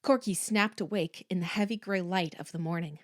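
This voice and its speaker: A woman narrating a horror audiobook in a slow, hushed, suspenseful manner. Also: on the low side, dry recording, studio quality.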